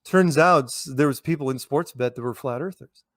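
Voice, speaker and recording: An American man tells stories as a guest in a casual interview. He rambles, restarting and repeating words, at an ordinary pitch. The sound is dry and close, with no room echo. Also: moderate pace. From United States. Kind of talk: casual conversational storytelling.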